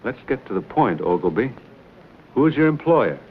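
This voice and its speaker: An actor playing a bold frontier adventurer with a wry, plainspoken way of talking, in a 1950s TV western drama. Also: male voice, medium pitch, very animated, normal speed. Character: bold frontier adventurer hero, dry wit. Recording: dull old TV soundtrack with faint hiss.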